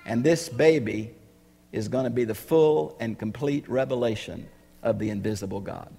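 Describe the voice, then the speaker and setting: A man preaching a sermon, emphatic and building to loud rhetorical questions. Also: mid-range voice, lively intonation, moderate pace, vocal fry, husky, big-room sound.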